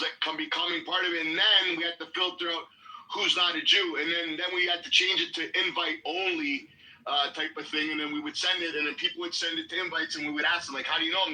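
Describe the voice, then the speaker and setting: A man telling a long story in casual podcast chat, animated and swearing freely, acting out what people said. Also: on the high side, rough recording. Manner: animated, swears a lot, acts out quotes.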